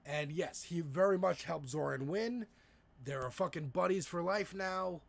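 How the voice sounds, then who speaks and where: A man with a gravelly, slightly raised voice holds forth on a political talk stream. He swears casually and keeps circling back, breaking off and restarting his sentences as he goes. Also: fairly high pitch, unhurried. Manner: profane, rambling, frequent restarts. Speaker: livestream co-host.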